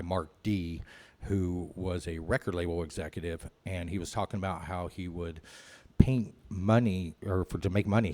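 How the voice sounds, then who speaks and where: A man's voice: low-pitched, darkish tone. A man telling his recovery story at a meeting, candid and rambling, with many "you know" fillers. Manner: candid, self-mocking. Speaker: AA speaker.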